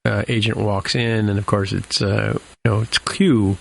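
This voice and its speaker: A man's voice: lowish voice, flat delivery, normal speed, gravelly, fairly bright tone. A man hosting a podcast, recapping a TV episode in a loose, rambling way with lots of fillers and restarts. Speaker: podcast host.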